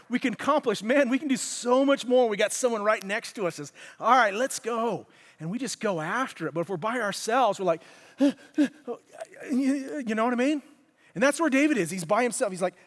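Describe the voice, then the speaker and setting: A man preaching a conversational sermon, acting out quotes with lively shifts in voice, recorded in a church. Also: high-pitched. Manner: conversational, animated, acts out quotes. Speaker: pastor. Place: church hall. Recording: long hall reverb.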